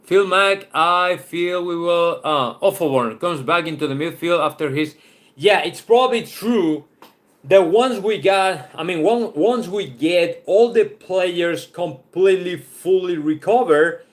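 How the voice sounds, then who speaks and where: Brief Spanish-accented man, football host, slightly higher voice, casual stream chat full of "right?" and "I mean". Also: measured pace. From Spain. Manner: chatty, loose, often restarts with "right?" and "I mean".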